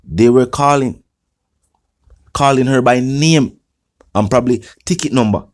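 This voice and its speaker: A man hosting a news channel, giving measured conversational commentary. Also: mid-range voice, a little mellow.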